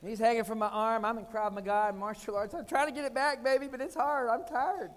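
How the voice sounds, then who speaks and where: A man in his forties giving a keynote talk, telling comic, animated stories with sudden loud punchlines. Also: very high voice, fairly quick. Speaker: keynote speaker. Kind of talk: storytelling keynote speech. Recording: long hall reverb.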